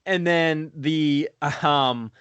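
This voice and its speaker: A man co-hosting a casual podcast, relaxed and hesitant, full of fillers. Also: fairly high pitch, drawn-out words, smooth, dry recording, highs cut off. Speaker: podcast co-host. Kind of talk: casual chat.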